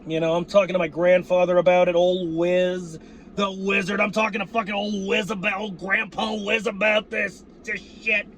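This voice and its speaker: Hoarse, high-voiced male fan vlogger, loud and profane, faint background noise. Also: little pitch movement, moderate pace, lo-fi sound. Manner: fired-up, cursing, shouting outbursts. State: voice going hoarse.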